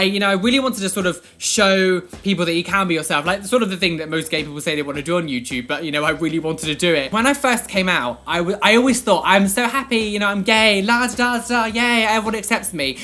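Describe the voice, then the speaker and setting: A young man in his twenties, a vlogger telling a personal story in an animated, rambling way full of fillers. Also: high voice.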